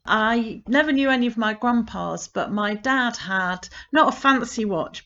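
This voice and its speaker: A woman's voice: medium pitch, a bit bright, lo-fi sound. A woman who directs a poetry collective reads a poem aloud expressively and then talks fondly and enthusiastically about it. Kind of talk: reflective spoken commentary on a poem.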